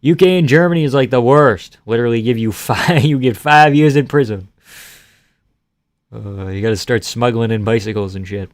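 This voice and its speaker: A man's voice: mid-range voice, normal speed, no room sound, clean studio sound. A young man hosting a live stream, casually reading out viewer comments and joking crudely in an offhand way.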